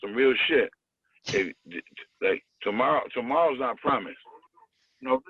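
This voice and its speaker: A man's voice: mid-range voice, lively intonation, a little slow, vocal fry, slightly rough, dry recording. Male guest comic, rambling slangy talker, dry phone-line sound. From Springfield, Massachusetts. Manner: slangy, rambling, repeats himself. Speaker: guest comedian calling in. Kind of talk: casual chat.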